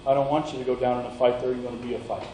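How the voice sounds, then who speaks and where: A man playing a calm, firm Jesus. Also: medium pitch, racing, echoey room, slight background noise, voice pushed down, lightly acted, rough recording.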